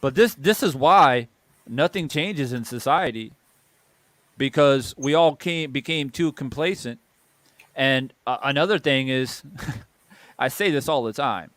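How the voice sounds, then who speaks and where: A man's voice: mid-range voice, measured pace, fairly bright tone, dry recording. A man hosting a boxing channel, delivering a heated opinion monologue and repeating phrases for emphasis.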